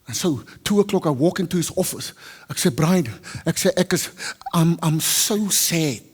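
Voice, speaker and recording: A South African man preaching a sermon, telling a personal story and acting out the dialogue with lively, loud character voices. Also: sits high, a little fast, husky. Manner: switches between Afrikaans and English, acts out dialogue loudly. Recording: long hall reverb.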